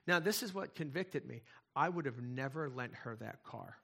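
A middle-aged male pastor preaching in a conversational way, moving from hushed asides to loud, fervent passages. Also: mid-range voice, expressive, moderate pace, gravelly, breathy edge. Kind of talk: sermon.

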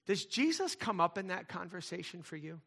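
A pastor preaches in a conversational style, his high, gravelly, slightly rough voice brisk and very animated. He drops to quiet asides, then rises to loud, emphatic points.

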